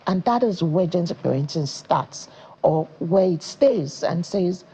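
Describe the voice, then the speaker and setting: On a studio talk show, a parenting educator from Nigeria in her thirties tells stories lively enough to act out each quote. Her voice sits on the low side, unhurried with a breathy edge, and the recording is rough.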